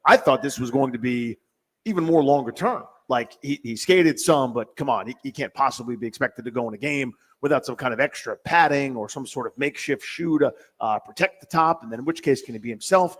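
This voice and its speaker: An American man co-hosting sports radio, easygoing and quick to banter. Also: mid-range voice, in a large hall.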